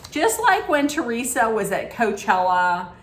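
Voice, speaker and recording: Slow, sassy woman recapping gossip. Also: a little high, big pitch swings, slight background noise. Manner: gossipy, sassy, with frequent fillers. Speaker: reality TV recap host. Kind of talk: casual chatty recap. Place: home.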